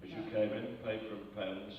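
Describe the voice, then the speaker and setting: An elderly comedian in his 80s tells jokes on stage at an arts centre auditorium, his voice fairly low and level, with a brisk, anecdotal delivery full of quick asides. The live stand-up was captured by a distant audience microphone, so the hall recording sounds echoey, dull and noisy.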